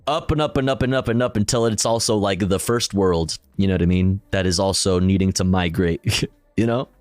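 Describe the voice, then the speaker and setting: Low-voiced man cursing through news commentary. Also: a little fast, no echo, soft background music. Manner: profane, self-deprecating, stumbles over words. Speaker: streamer. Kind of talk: casual live-stream commentary, reading news articles aloud.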